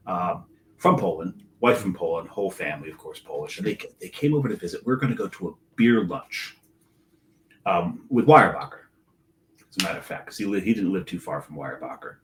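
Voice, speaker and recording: A man's voice: deep voice, expressive, fairly quick, a little hiss or hum. A middle-aged man co-hosting a casual podcast, telling a story with frequent laughs. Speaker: co-host.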